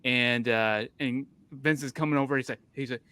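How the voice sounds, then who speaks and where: Smooth, forceful man telling a rambling story. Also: medium pitch, fairly even intonation, normal speed, dry recording. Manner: rambling storyteller with many restarts. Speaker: podcast host. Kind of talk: casual podcast chat.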